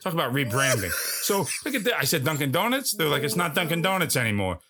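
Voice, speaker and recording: A man's voice: on the high side, sing-song, fast, bright, forceful tone, full character voice. A man doing an impression of a brash older male movie star over a phone call, profane and rambling as he spins a story. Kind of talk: comedy podcast impression.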